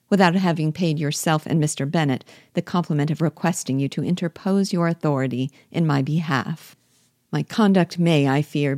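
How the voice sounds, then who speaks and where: A woman's voice: low-pitched, a little mellow, dry recording, clean studio sound, natural voice. Woman reading a pompous young clergyman. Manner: formal, measured, self-important. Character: pompous, stately young clergyman, long-winded.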